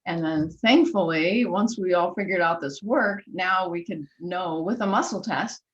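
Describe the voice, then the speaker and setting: Woman host, lively storyteller who acts out conversations, slightly muffled recording. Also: lowish voice, a little slow. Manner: enthusiastic storyteller, acts out dialogue. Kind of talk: conversational interview.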